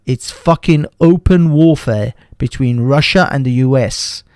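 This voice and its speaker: A man's voice: medium pitch, a little slow, a little mellow, no echo, studio quality. A man hosting a live stream, ranting in profane, heated commentary that often breaks off and restarts. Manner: profane, heated, interrupts himself. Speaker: livestream host.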